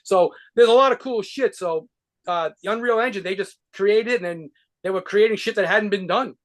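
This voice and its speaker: High-voiced New rocker rambling. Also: male voice, moderate pace. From New York. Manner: rambling, profane, with frequent restarts and laughs. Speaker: guitarist and band leader being interviewed. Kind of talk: casual interview.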